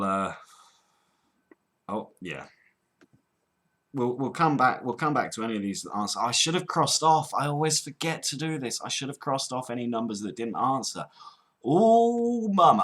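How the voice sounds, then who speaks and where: A man's voice: lowish voice, moderate pace, a bit bright. A young man from near London, chatting casually to viewers between prank calls, rambling and amused with himself. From England, near London. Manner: chatty, rambling, self-amused, lots of ums. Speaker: prank-call host.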